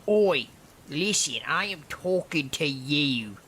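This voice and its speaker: A man voicing a drunk, violent male stranger who shouts slurs and threats at a frightened young woman. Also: a little high, animated, slow pace, slight background noise, voice pushed up, full character voice. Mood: menacing abuse.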